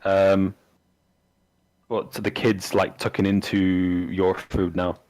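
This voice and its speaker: A man's voice: low-pitched, flat delivery, takes it slowly, darkish tone, no room sound, poor audio. A man narrating a tabletop game as game master, rambling and hesitant with many fillers.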